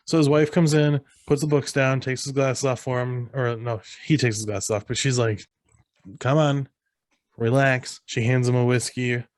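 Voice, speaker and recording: A man's voice: mid-range voice, flat delivery, normal speed, few pauses, darkish tone, no echo. A man co-hosting a podcast, casually retelling a film scene by scene and acting out lines in raised voices. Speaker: podcast co-host. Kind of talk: casual movie recap chat.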